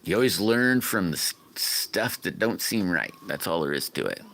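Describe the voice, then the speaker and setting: A man's voice: sits low, animated, moderate pace, fairly bright tone. A man hosting a casual livestream, chatting with viewers in a folksy, rambling way from his home workshop. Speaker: livestream host. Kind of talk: casual live-stream chat, answering comments.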